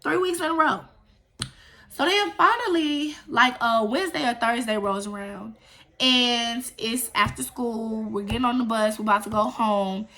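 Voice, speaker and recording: A young woman with a bright, sharp voice pitched a little high tells a story to her vlog camera. She talks casually, with animated, profane and emphatic delivery. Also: normal speed. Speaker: storytime vlogger.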